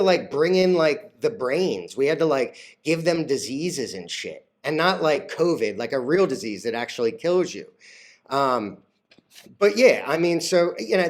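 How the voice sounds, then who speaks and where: Brief: male stock vlogger, a touch high in pitch, loose and crude, rambles and gets flustered easily. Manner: crude, rambling, heavy on "like" fillers, laughs at own jokes. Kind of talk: casual off-the-cuff rant.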